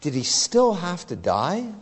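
A man's voice: fairly high pitch, wildly swooping pitch, measured pace, husky, in a large hall. A male pastor preaching an earnest, emphatic sermon that is full of rhetorical questions.

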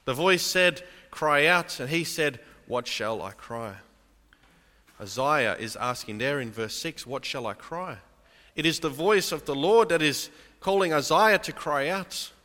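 Earnest pastor guy preaching, brightish higher voice, church hall echo behind him. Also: animated, measured pace. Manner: earnest preaching, addresses listeners as beloved. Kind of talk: sermon.

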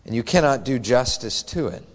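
A man's voice: mid-range voice, expressive, normal speed, big-room sound. A male pastor preaching an earnest, emphatic sermon that is full of rhetorical questions.

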